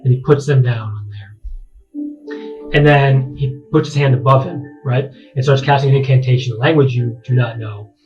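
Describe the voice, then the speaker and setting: A man working as dungeon master, narrating a tabletop game in a halting way full of restarts. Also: mid-range voice, steady tone, lo-fi sound, faint music behind.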